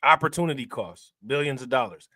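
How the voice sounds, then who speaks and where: A man's voice: medium pitch, animated, brisk, sharp tone, no room sound, studio quality. A man hosting a crypto livestream in casual chat, joking, laughing and slangy. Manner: joking, laughing, slangy, repeats "you know what I'm saying".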